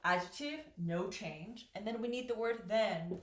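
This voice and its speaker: A woman teaching an English lesson at a whiteboard, slowly and patiently, repeating the key words. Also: medium pitch, background noise. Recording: echoey room.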